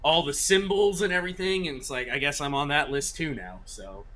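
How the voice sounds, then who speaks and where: A man co-hosting a podcast, talking casually in a mocking, animated way. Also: on the high side, brisk, slight background noise. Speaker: podcast co-host. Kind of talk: casual chat.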